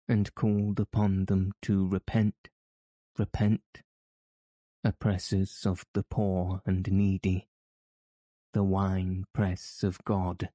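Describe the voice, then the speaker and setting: A man's voice: deep voice, mellow, no echo, studio quality. A man voicing a frenzied doom-preaching curate. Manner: ranting, wailing, declamatory.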